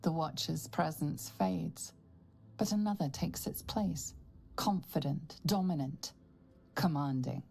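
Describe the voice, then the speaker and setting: Gravelly ominous narrator. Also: female voice, deep voice, lively intonation, warm tone, heavily acted. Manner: slow, measured, foreboding.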